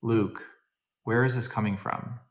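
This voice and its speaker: A man reading as a brisk, defensive wife. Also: medium pitch, steady tone, dull audio, natural voice. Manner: brisk, sharp. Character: busy, defensive wife on the phone.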